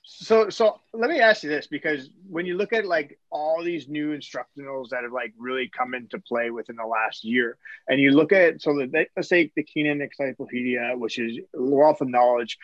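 A male co-host lays out a long question in a relaxed way, checking in with 'right?' along the way. His voice is dull and muffled, with a dry, close sound. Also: mid-range voice, dry recording. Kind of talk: casual interview talk.

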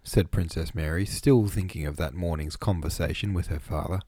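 A man narrating a classic novel as an audiobook, measured and even. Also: low-pitched, no room sound. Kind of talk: scripted narration.

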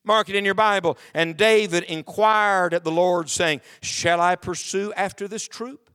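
Guy preaching a sermon, pretty high voice, reads bible verses then hits the room with questions. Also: steady tone, unhurried, fairly bright tone, smooth. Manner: preaching with emphatic rising questions to the congregation; reads scripture aloud in King James wording. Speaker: pastor. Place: church sanctuary with congregation.

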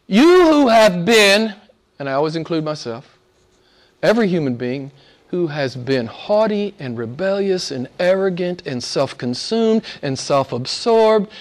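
A male preacher with a high-pitched voice delivers a sermon. He repeats phrases and asks rhetorical questions. He swings from loud, emphatic peaks down to hushed asides that are almost whispered. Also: very animated, measured pace.

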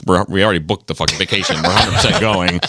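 A middle-aged man hosting a casual chat, telling a profane, animated story about his kids. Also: deep voice, quick pace, a little hiss or hum. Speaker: podcast host.

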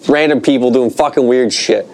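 A man's voice: mid-range voice, moderate pace, a little mellow. A young man co-hosting a podcast, rambling casually with lots of fillers and swearing. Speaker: podcast co-host. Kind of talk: casual chat.

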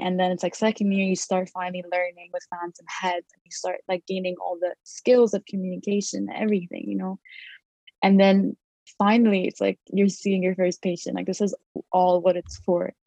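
A woman's voice: medium pitch, warm tone, no room sound. A young woman in her twenties, a dental student, chatting casually and telling a story full of fillers and quoted thoughts.

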